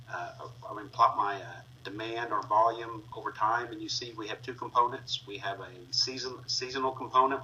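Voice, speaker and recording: A man's voice: on the low side, pushed and bright, dull audio. A man teaching a class, talking through each step of a screen-recorded spreadsheet tutorial with frequent fillers as he clicks along. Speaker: instructor. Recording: distant mic with faint noise.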